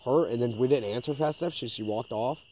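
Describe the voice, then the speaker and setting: A man's voice: mid-range voice, fast talker, a crowd in the background. A man co-hosting a podcast, casually telling a ghost story, swearing a lot and acting out the quoted lines. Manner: swearing, animated retelling with quoted voices. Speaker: podcast co-host.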